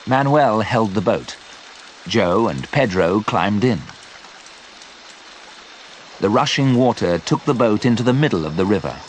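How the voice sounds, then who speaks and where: A man with a British accent reading a graded story aloud for English learners, clear and deliberate. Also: fairly low pitch, animated, a little hiss or hum. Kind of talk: slow graded-reader narration.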